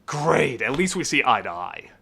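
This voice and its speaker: A man's voice: medium pitch, very animated, normal speed, gravelly, sharp tone, husky. A man reviewing a film in a comedic, sarcastic style, with jokey asides. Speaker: film critic. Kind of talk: comedic movie review narration.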